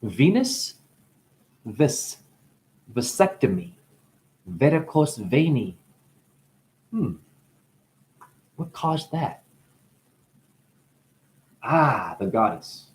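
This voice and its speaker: A man in a rambling spiritual monologue, free-associating through wordplay and profanity, dropping to hushed asides and breaking into crooning. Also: medium pitch, big pitch swings, very slow, pauses often. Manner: profane, teasing. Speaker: spiritual talker.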